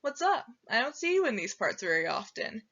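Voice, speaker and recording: A woman's voice: a little high, sing-song, fairly quick, pushed and bright, full character voice. A woman voicing a young boy who gives blunt warnings in casual slang, as a storyteller's quoted character, recorded with a dull lo-fi sound. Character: streetwise young boy, blunt friendly advisor.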